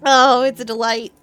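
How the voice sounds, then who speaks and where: On a gaming live stream, a young woman from the Maritimes of Canada chats casually in a high, slightly bright voice. She giggles often and drifts through asides.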